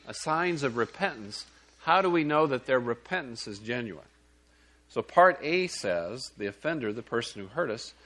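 A man preaching a sermon in an easy, conversational manner. His voice sits at an ordinary middle pitch. He keeps checking in with his listeners and sometimes restarts a phrase. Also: fairly bright tone.

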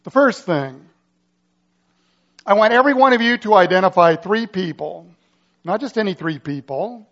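A male pastor delivers a sermon in a high, ringing voice. He builds drama through rhetorical questions and urgent, vivid scenarios, rising and dropping for effect. The recording sounds dull and lo-fi. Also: lively intonation, moderate pace, long pauses, a bit bright.

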